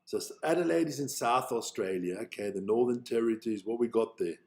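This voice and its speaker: A South African man live-streams himself watching rugby, chatting casually, thinking aloud, and swearing freely. He talks fast in a medium-pitched voice.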